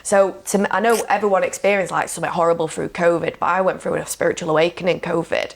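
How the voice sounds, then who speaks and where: Frank woman with a lower voice. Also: fairly even intonation, fast talker, gravelly. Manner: frank and emotional, with frequent "like" and "you know". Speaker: podcast guest, coach. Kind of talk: candid conversational storytelling.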